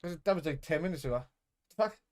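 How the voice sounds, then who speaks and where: A man streaming a live watch-along of a football match, reacting with excitable, sweary outbursts. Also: fairly high pitch, quick pace.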